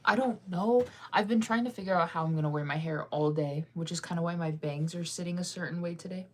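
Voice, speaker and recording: A woman's voice: lowish voice, a little fast. Rambling, indecisive young woman vlogger. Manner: rambling, indecisive, laughing often. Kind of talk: casual chat to viewers.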